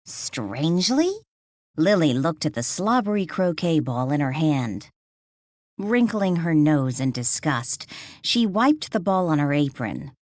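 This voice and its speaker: A woman narrating an audiobook with expressive storytelling. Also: deep voice, unhurried, no room sound, studio quality. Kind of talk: scripted narration.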